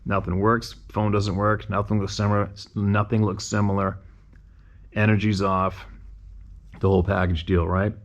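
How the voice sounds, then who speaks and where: A man with a deep, low voice hosts a show and reads listener emails aloud. He stops now and then to muse in a relaxed, conversational way. His asides are full of rhetorical questions. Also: moderate pace, dull audio. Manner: conversational, musing rhetorical questions between readings. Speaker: host reading listener emails. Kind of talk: reading listener emails aloud with casual commentary.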